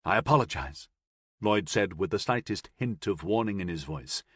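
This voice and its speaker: A man narrating an audiobook in a steady, measured storytelling manner, recorded on a close mic. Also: sits low, no echo. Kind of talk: scripted narration.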